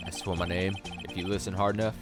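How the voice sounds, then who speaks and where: A man's voice: sits low, little pitch movement, fast talker, music in the background, natural voice. A man voicing a laid-back cowboy detective with a Texan accent and a folksy, rambling drawl. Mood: lazy drawl. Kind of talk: let's play voice acting.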